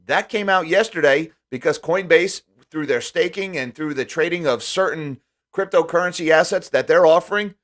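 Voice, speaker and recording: A man's voice: a little high, moderate pace, fairly bright tone. Sarcastic man commenting on the news. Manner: sarcastic, talks directly to viewers. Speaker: finance video host. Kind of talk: news commentary reading headlines.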